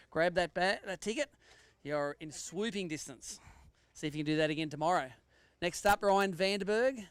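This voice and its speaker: A man's voice: on the high side, clean tone, no room sound. An Australian man hosting a live fishing tournament weigh-in, joking with anglers and calling out weights and standings. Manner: jokey banter with anglers, announcing weights and standings.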